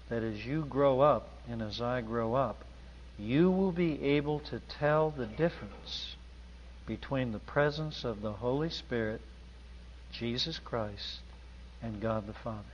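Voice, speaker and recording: A man preaching a sermon in an emphatic, deliberate manner in a large church hall. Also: medium pitch, fairly bright tone, a little hiss or hum. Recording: dull audio with long hall reverb.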